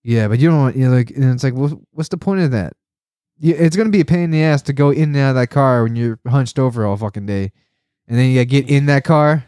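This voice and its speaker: A man's voice: mid-range voice, fast, dark tone, clean tone, no room sound, clean studio sound. A man hosting a casual podcast chat, rambling and swearing a lot, laughing often and getting worked up when he complains. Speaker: podcast host.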